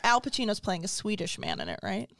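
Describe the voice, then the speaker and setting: Woman panelist, playful and laughing, lively pitch, loud crowd noise behind. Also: quick pace, gravelly. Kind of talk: casual panel chat.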